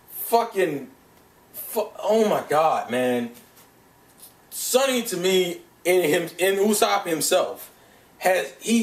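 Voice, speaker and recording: A young man ranting excitedly about an anime dub, swearing a lot and often restarting his sentences. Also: fairly high pitch. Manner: profane, animated, gushing with restarts. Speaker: vlogger reviewing an anime dub. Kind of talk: casual excited rant. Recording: echoey room, mic set back.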